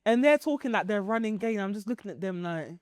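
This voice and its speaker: Laughing, animated young woman telling stories. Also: fast talker, clean tone, no room sound, clean studio sound. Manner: animated storytelling, laughing often, swings into high shrieks. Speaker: podcast co-host. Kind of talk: casual chat.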